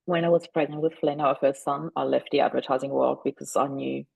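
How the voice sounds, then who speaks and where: A woman guest on a podcast, speaking earnestly about a spiritual experience, often pausing and drawing out her words. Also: very deep voice, steady tone, vocal fry, a little mellow, slightly rough, no echo, dull audio. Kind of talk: reflective personal storytelling.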